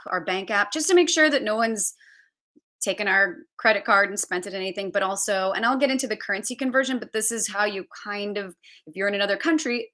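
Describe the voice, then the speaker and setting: Woman, livestream tutorial host, crisp bright tone, chatty, self-correcting, thinking aloud. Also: mid-range voice. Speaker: travel budgeting host. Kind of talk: live-streamed tutorial with screen share. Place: home basement.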